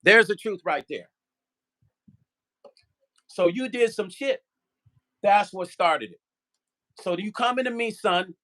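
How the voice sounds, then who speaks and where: A vlogger and musician rants on his own channel in a heated, casual way, speaking straight to viewers about someone who wronged him. His high-pitched voice is bright and edgy, and he's expressive but slow, pausing often. The rant is profane, repetitive and rhetorical, full of curses and repeated questions.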